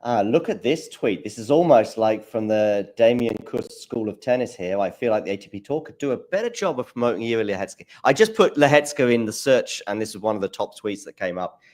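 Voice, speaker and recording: A man's voice: fairly low pitch, expressive, fairly quick, hardly any pauses, a little mellow. A man hosting a podcast, chatting casually, repeating words as he finds his point and putting questions to his co-host. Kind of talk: casual chat.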